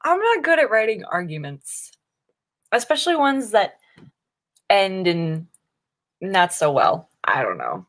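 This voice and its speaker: A young woman with a mid-range, sing-song, slightly bright voice chats on her morning writing livestream at a measured pace with frequent pauses, reading viewer comments aloud. She rambles, restarts sentences and giggles often, sounding tired and a little loopy from the early start.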